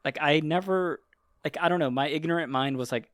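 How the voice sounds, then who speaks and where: A man's voice: fairly high pitch, brisk, a bit bright, no echo. Rambling, profane man on a dry mic. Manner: rambling, profane, heavy use of "like". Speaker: podcast host. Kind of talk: casual chat.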